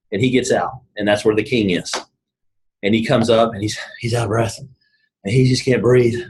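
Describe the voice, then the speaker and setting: A man, giving an energetic, casual motivational talk to his team and telling stories. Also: on the low side, normal speed, a little hiss or hum, poor audio. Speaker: network marketing team leader.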